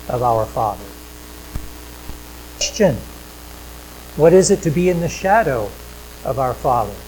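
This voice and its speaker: A male pastor preaching a sermon in a church, conversational, repeating phrases for emphasis and swinging between loud points and quiet asides. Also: fairly high pitch, a little hiss or hum, low-quality recording. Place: church sanctuary with projection screens.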